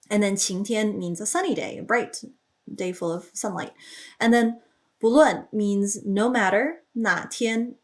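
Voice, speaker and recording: A woman with a medium-pitched voice works as a language teacher explaining song lyrics. She thinks aloud with small fillers and raises her voice whenever she reads out a lyric line, recorded on a studio microphone.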